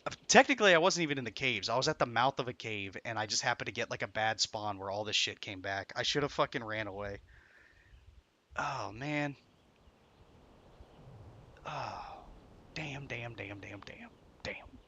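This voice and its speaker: A man's voice: medium pitch, normal speed, pauses often, bright, forceful tone, muffled recording. A young man streaming a game, swearing often and swinging between frustration and laughter. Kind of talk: live gameplay commentary.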